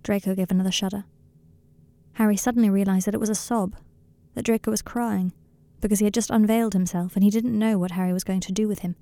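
A woman reads a story aloud in a slow, intimate, quiet way. Her voice is dark and gravelly with dry, close sound. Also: medium pitch, fairly even intonation, no room sound. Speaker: narrator. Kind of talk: audiobook reading of fan fiction.

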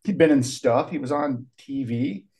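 A man at mid pitch co-hosting a relaxed podcast, who lifts his voice sharply when he makes a point. The talk stays conversational. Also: moderate pace, vocal fry. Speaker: podcast co-host. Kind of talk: casual movie chat.

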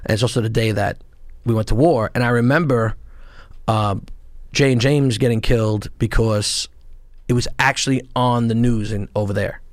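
A man telling war stories in a casual interview, profane and animated, acting out what people said. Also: mid-range voice, moderate pace, dry recording, studio quality. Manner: animated, profane storytelling with quoted voices. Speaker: podcast guest, former Marine and police sergeant.

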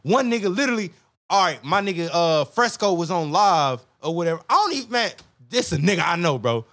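A man chats as a podcast guest, sliding into quoted asides and swearing freely as he tells his stories. His voice sits a touch high for a man. The sound is dry and close, with little room around it. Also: big pitch swings, brisk, fairly bright tone, dry recording. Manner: loose, profane storytelling with quoted asides. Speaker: guest musician. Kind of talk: casual podcast chat.

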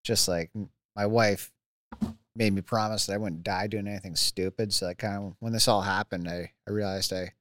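A man's voice: on the low side, fairly even intonation, normal speed, fairly bright tone, no echo. Laid-back male biker, dry sound. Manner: laid-back, many likes and restarts, laughs often. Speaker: podcast guest, freeride mountain biker. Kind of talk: casual chat.

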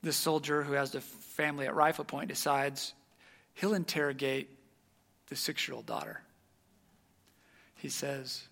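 A man preaching a sermon, telling a story with animated energy and dropping to a hush at the tense moments. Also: on the high side, normal speed, gravelly, long pauses.

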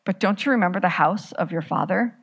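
A woman voicing a patient eldest brother on a rescue mission, speaking calmly, softly and reassuringly. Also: fairly low pitch, a little fast, vocal fry, husky. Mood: earnest. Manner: calm, soft, reassuring.

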